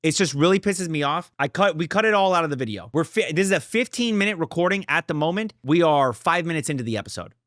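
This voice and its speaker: A man's voice: on the high side, lively intonation, fast, hardly any pauses, fairly bright tone, no room sound, studio quality. A young man hosting a reaction video, talking casually, blunt and profane, often swearing and getting worked up. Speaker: reaction channel host.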